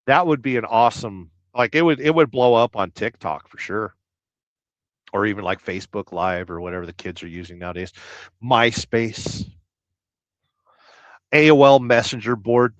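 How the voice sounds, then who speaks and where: A man hosting a livestream, chatting casually and reading viewer comments with rambling, deadpan jokes. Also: medium pitch, moderate pace, pauses often, dry recording. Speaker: livestream host. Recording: dull lo-fi dry sound.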